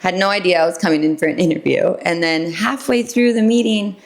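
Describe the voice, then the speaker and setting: A woman's voice: lowish voice, a little fast, gravelly. A woman in her thirties, a podcast guest, telling a personal story in a casual, chatty way with lots of fillers and acted-out quotes. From San Diego. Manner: chatty, many fillers, acts out quoted exchanges.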